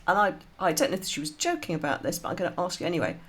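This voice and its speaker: A woman's voice: lowish voice, very animated, rapid-fire. A woman co-hosting a podcast, asking playful, teasing questions. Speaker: podcast co-host. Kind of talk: casual interview chat.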